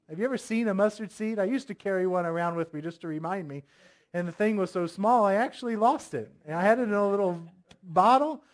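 A man preaching a sermon, reading scripture aloud, firmly voicing commands and asking the congregation many questions. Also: high-pitched. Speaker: pastor.

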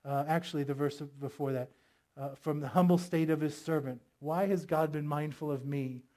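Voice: mid-range voice, fairly even intonation, normal speed, dark tone. A pastor preaching a sermon with emphatic delivery, asking the congregation rhetorical questions.

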